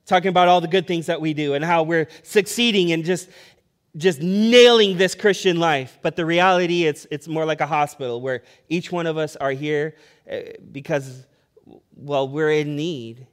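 A man's voice: fairly high pitch, moderate pace. A man preaching a sermon as pastor, conversational and storytelling, building emphasis as he speaks.

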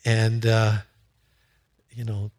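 A man preaching a sermon as a pastor, telling a story with asides and halting restarts. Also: on the low side, completely flat delivery, darkish tone.

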